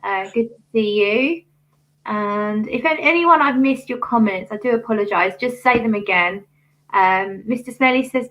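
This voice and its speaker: A woman's voice: mid-range voice, highs cut off. Chatty woman on a video call. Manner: chatty, hesitant with many fillers. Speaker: fragrance channel host. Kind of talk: casual livestream chat. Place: home desk working-from-home setup.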